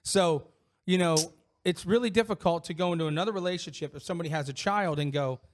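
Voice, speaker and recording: A middle-aged man co-hosts a podcast in casual chat, his voice high and his pace quick. He tells personal stories candidly and ramblingly, full of restarts and fillers.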